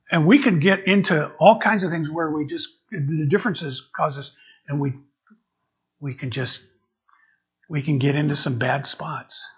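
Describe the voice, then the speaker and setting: A man preaching a sermon as a transitional pastor, his voice husky and pitched a little high. He stumbles and repeats words as he works toward each point. The recording is dull and lo-fi. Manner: halting, repeats words while searching for phrasing. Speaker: interim pastor.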